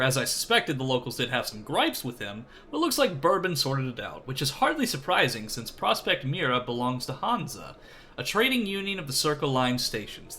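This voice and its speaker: Animated male streamer. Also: medium pitch, slight background noise. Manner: chatty, animated, breaks into cheesy radio ad voice. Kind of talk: let's play commentary. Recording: streamed with game music behind.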